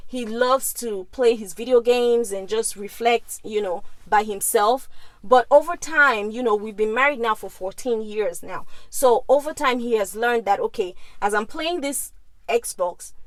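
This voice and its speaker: A woman's voice: fairly high pitch, no room sound, poor audio. A woman in her thirties from Nigeria, who also speaks Igbo, talks to her viewers in a chatty vlog and keeps checking in with "okay?". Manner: chatty, often asks okay?. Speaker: vlogger. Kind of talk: casual talk to camera.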